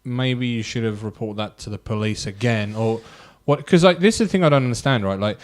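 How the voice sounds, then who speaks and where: Young male co-host; low, rambling, casual talker. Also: brisk. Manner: rambling, thinks aloud with many fillers. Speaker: podcast co-host. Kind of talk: casual chat.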